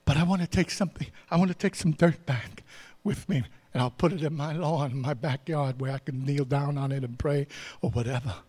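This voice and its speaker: A man's voice: fairly high pitch, fairly even intonation, brisk, few pauses, darkish tone, slightly rough. A man preaching who voices a grateful, earnest foreign general pleading to take holy soil home.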